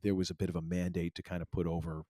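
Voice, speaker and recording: A man's voice: deep voice, flat delivery, very fast, warm tone, no echo, clean studio sound. A man from Maine co-hosting a wrestling podcast, talking in a loose, rambling way with many fillers and restarts. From Maine, USA. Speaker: podcast co-host. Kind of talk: casual chat.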